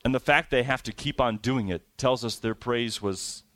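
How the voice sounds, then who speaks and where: A male pastor delivering a sermon, his voice mid-pitched and recorded close and dry. He stretches out scripture readings and leans hard on his emphasis. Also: fairly bright tone, no echo. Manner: preaching with rising emphasis and slow drawn-out scripture reading.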